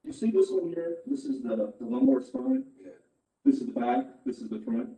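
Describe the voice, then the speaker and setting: Male chiropractor, deep mellow voice, checking understanding, captured far off in an echoey room. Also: very animated, moderate pace. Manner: checks in with short questions. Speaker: chiropractor showing an X-ray to a patient. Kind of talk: explaining to a patient. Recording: distant echoey room recording.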